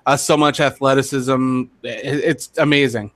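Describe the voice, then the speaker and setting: Dry-sounding man adding facts quickly. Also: mid-range voice, fairly even intonation, a bit bright, dry recording. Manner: quick, measured, corrects and adds facts. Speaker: podcast co-host. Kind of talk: casual sports podcast chat.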